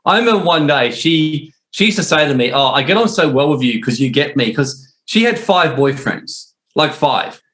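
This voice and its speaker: An animated Australian man in middle age, chatting casually as a host. His voice sits a little high for a man, and it leaps even higher whenever he slips into someone else's words mid-story. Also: moderate pace, hardly any pauses. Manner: animated storyteller, voices swinging up when quoting others. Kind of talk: casual chat.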